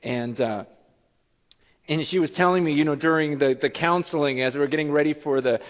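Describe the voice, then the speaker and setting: A man preaching a sermon as pastor, telling a story in an animated, emotional way. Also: on the high side, fairly quick. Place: church sanctuary. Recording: dull echoey church hall.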